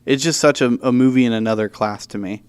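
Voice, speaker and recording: Young male podcast host, clean resonant voice, lively casual chat with frequent laughs. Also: medium pitch, quick pace, clear, resonant tone. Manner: animated, laughs often. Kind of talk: casual chat about movies.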